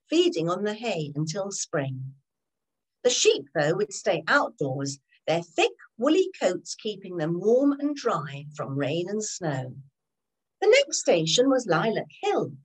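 A woman narrating a children's storybook in an expressive, animated way. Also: mid-range voice, rough recording.

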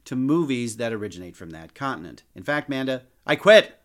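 A man's voice: mid-range voice, lively intonation, quick pace. A man co-hosting a podcast, reviewing films in casual chat with wry, playful humor. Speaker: podcast co-host.

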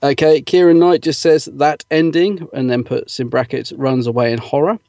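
This podcast co-host has a fairly high, steady, slightly mellow voice and speaks at a moderate pace, captured cleanly in a studio without echo. Reading listener comments aloud, he's chatty, uses lots of fillers, and laughs readily.

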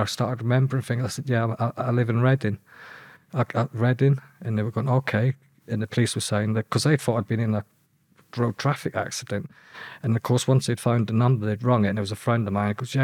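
A man from England recounts his past in a halting, hesitant way, with a flat, even delivery. His voice sits in the middle range and is recorded close and dry. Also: medium pitch, no echo. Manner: hesitant, halting, many restarts. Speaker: guest who was kidnapped. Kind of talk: reflective personal account.

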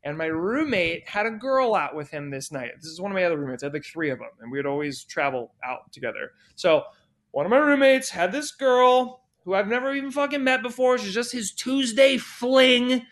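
Young guy, high-pitched, profane, animated casual storyteller. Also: fairly quick. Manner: animated, profane, rambling anecdote-telling.

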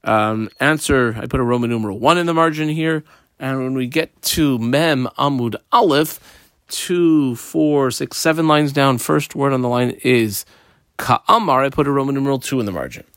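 A man teaching a Talmud page line by line, explaining each phrase and marking up the text as he goes, sometimes quick, sometimes slow and stressed. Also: medium pitch, fairly bright tone, no echo, clean studio sound. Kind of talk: page-by-page study lesson.

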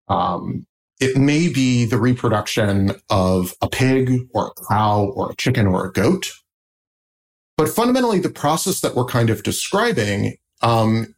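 A man answering as a researcher guest, explaining in a thoughtful, lecturing way and checking in with "right?". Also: mid-range voice.

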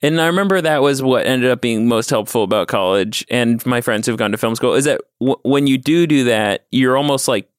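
A man's voice: mid-range voice, a little fast, hardly any pauses, smooth, no room sound, clean studio sound. A man, a comedy writer guest on a podcast, chatting in a laid-back, self-deprecating way. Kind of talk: casual comedic chat.

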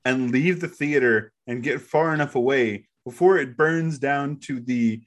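A man's voice: mid-range voice, measured pace. Male co-host, casual plot recap, dry and wry delivery. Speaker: podcast co-host.

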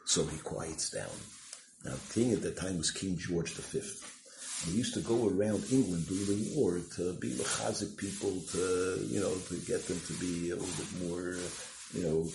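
Rabbi, deep creaky voice, storytelling Torah talk, echoey room with faint hiss. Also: male voice, normal speed. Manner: storytelling, sprinkled with Yiddish and Hebrew terms.

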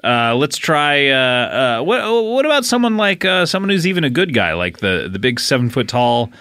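Casting: bright-voiced male podcast host, animated and teasing, dry studio. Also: medium pitch, no echo. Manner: teasing, rambling, quick to laugh. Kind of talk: casual comedic chat.

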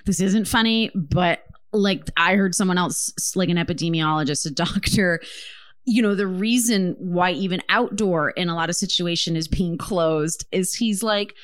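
A woman's voice: lowish voice, moderate pace, no room sound. Woman co-host, heated and foul-mouthed, tells stories, dry close sound. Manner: impassioned, profane, storytelling. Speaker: podcast co-host. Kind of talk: casual chat.

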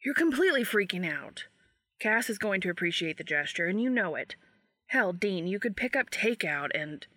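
A woman's voice: fairly low pitch, expressive, moderate pace, sharp tone, dry recording, studio quality. Woman reading a teasing younger brother. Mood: exasperated. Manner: teasing, exasperated. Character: laid-back younger brother, teasing man. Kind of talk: fan audiobook reading.

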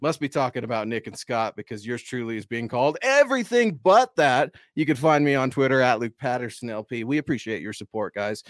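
A man's voice: mid-range voice, brisk, hardly any pauses, dry recording, clean studio sound. A man co-hosting a fan livestream, giving long opinionated takes on his team in a casual, chatty way. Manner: opinionated, talks at length, chatty. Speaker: co-host and sports writer.

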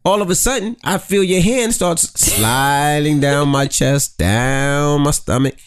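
A man's voice: on the high side, unhurried, smooth, no room sound, clean studio sound. A man co-hosting a podcast with his wife, telling teasing stories with plenty of swearing. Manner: animated, swearing, teasing storyteller. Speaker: co-host. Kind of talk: casual podcast banter with spouse.

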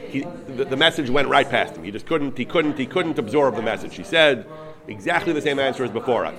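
An earnest man teaches a text-study class at a middling pitch, reading verses and translating them phrase by phrase. He often restarts and repeats himself as he explains. A crowd murmurs clearly behind him. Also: expressive, brisk. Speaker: Torah teacher.

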